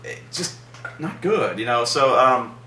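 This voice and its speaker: A man's voice: medium pitch, expressive, a little slow, bright, forceful tone, echoey room, distant mic, slight background noise. A man reviewing a film in casual chat, rambling with many fillers and repeats and a sarcastic edge. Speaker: movie reviewer, co-host.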